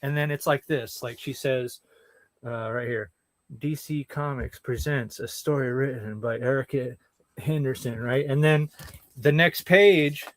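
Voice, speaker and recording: A man's voice: medium pitch, measured pace, no echo. A man co-hosting a podcast in casual chat, blunt and exasperated, swearing freely. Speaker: podcast co-host.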